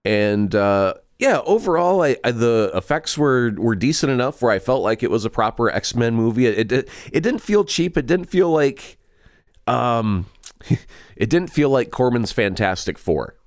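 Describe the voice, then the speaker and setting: A man's voice: mid-range voice, sing-song, a little slow, no room sound, clean studio sound. A man co-hosting a podcast, chatting casually and rambling through a movie review with restarts. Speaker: podcast co-host. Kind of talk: casual chat.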